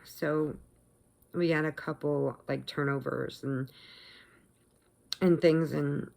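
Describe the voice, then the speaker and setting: Low, gravelly-voiced woman telling a story. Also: takes it slowly. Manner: animated, emotional retelling, acts out quotes, laughs often. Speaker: vlogger. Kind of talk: casual storytelling to camera.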